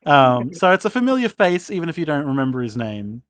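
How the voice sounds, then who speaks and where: A man's voice: fairly high pitch, big pitch swings, a little fast, fairly bright tone, no echo. A man narrating as game master, rambling with many fillers. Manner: rambling, full of fillers and laughs.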